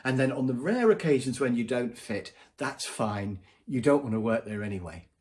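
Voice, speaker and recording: Animated man giving advice. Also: mid-range voice, moderate pace. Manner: conversational, acts out quoted voices. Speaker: business trainer. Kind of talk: direct-to-camera advice vlog.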